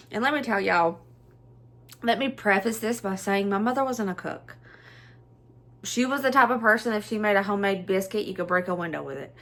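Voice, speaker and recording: A woman's voice: medium pitch, brisk, fairly bright tone. A middle-aged woman with a Southern US accent, chatting nostalgically through a casual home cooking vlog and laughing often. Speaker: cooking vlogger.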